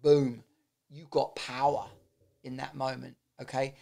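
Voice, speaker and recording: A man's voice: medium pitch, little pitch movement, measured pace, creaky, dark tone. A man giving a casual, blunt motivational talk, swearing freely and often restarting his sentences. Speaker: self-improvement vlogger.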